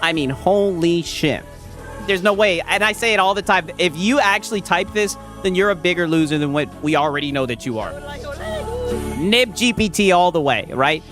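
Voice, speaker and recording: A man's voice: high voice, animated, normal speed, a bit bright. A man streaming casual commentary, rambling and mocking, tagging lines with "right?". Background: music playing.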